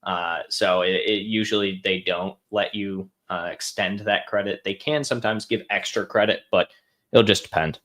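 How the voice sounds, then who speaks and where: A man's voice: fairly low pitch, steady tone, normal speed, a bit bright. A young man hosting a live question-and-answer stream, talking offhand with lots of fillers and restarts. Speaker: host answering viewer questions. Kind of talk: casual live Q&A.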